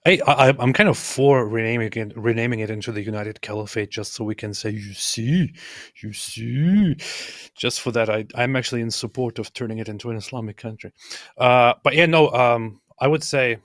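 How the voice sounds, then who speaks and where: Casual male co-host, dry and sardonic, stammers and restarts, mid-pitched, dry close mic. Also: steady tone, a little fast, fairly bright tone, dry recording. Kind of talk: casual political chat.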